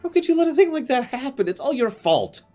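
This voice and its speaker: A bratty forest boy from a video game, put on by a man reading the lines, jumping up high and squeaky as he hurls blame. The voice is deep underneath but swings wildly upward. Faint music runs behind it. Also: big pitch swings, quick pace, mellow. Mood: accusing. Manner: shrill mocking blame.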